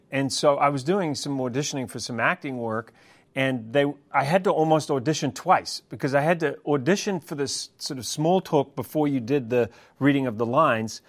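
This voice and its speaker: Chatty man with a New Zealand accent. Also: medium pitch. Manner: chatty, animated, laughs often. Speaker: guest. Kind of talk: casual interview chat.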